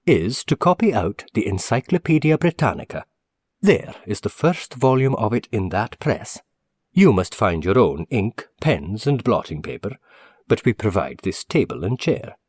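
A man's voice: on the low side, big pitch swings, moderate pace, darkish tone, no room sound, clean studio sound. A man voicing a fussy, eager middle-aged male manager who speaks earnestly and formally.

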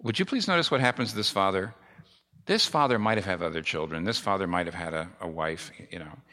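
A man's voice: low-pitched, fast talker, sharp tone. A middle-aged male pastor preaching a sermon with emphatic repetition. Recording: long reverb of a large hall.

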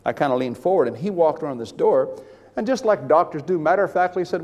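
An older male preacher gives a sermon testimony in a reverberant hall, talking fast in a fairly high voice. He tells stories animatedly, rambling and restarting his sentences.

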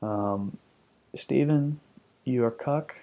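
A man's voice: mid-range voice, extremely slow, dark tone. A man in his thirties hosting a podcast, reacting to reviews in a profane, sarcastic, ranting way. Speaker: podcast host. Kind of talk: comedic ranting commentary.

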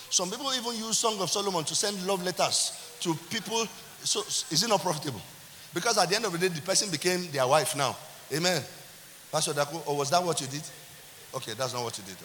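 A man with a Nigerian accent preaching a sermon as pastor, animated, with call-and-response and laughter. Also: a little high. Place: church hall. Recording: reverberant church hall with hiss.

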